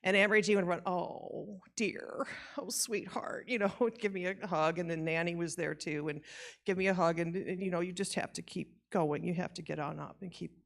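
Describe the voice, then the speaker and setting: Laughing niece giving a rambling eulogy. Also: female voice, on the low side, fairly even intonation, fast, gravelly. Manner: rambling, self-deprecating, laughs often. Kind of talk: informal memorial tribute. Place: church memorial service.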